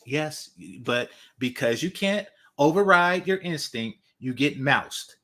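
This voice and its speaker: A man's voice: a little high, lively intonation, slow pace, hardly any pauses, pushed and bright. A man giving reaction commentary online, blunt and mocking, hammering his points home by repeating them. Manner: blunt, mocking, emphatic repetition.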